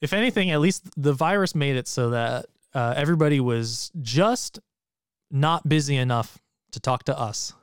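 A man's voice: mid-range voice, moderate pace, clear, resonant tone, no room sound, clean studio sound. A man co-hosting a movie podcast in casual chat, laid-back and joking, swearing now and then. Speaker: podcast co-host.

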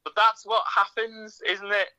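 A man's voice: high voice, little pitch movement, unhurried, sharp tone, clean tone, low-quality recording. A man co-hosting a casual podcast, talking hesitantly and saying "like" often. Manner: hesitant, heavy use of "like". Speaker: podcast co-host. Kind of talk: casual chat.

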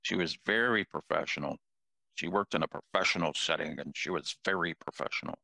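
Gravelly older man telling jokey stories. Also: a bass voice, a little fast, bright, forceful tone, dry recording. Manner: self-deprecating, jokey storyteller. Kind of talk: casual conversation.

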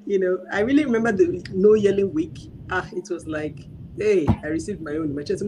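A woman guest sharing her parenting experience in casual chat, telling animated stories, acting out dialogue and laughing often. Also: on the low side, brisk, slight background noise, rough recording.

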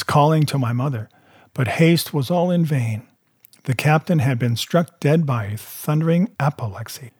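Husky-voiced man narrating a novel with steady, measured delivery. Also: mid-range voice, no echo, clean studio sound. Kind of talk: reading a novel aloud.

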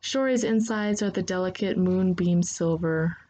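A woman narrating a second-person story in a steady, unhurried reading voice. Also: lowish voice, slight background noise, poor audio.

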